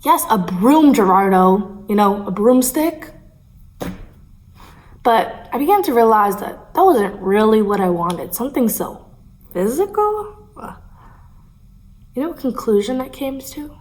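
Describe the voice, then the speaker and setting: A woman's voice: fairly high pitch, big pitch swings, unhurried, long pauses, a little mellow, poor audio. A young woman acting a bitter, vengeful woman in a stage monologue, intense and at times whispering. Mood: cold, intense. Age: young adult. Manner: intense, sometimes dropping to a hissed whisper. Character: bitter, vengeful grown woman bent on a confession. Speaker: actor.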